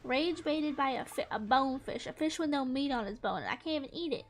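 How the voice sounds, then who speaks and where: A woman's voice: sits high, a little fast, hardly any pauses, faint music behind. A young woman giving casual, playful gameplay commentary, mock-exasperated and talking to the fish on screen. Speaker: gaming streamer.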